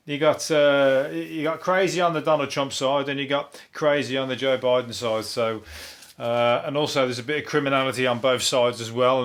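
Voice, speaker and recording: A man's voice: on the high side, a bit bright. A man hosting a comic news monologue, rambling and swearing, laughing at his own jokes. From Birmingham, England. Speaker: comedian podcast host.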